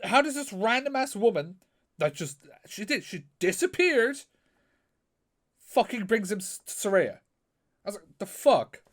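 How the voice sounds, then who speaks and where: A man, co-hosting a podcast in casual chat, animated and swearing freely as he talks. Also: high-pitched, measured pace, pauses often. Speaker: podcast co-host.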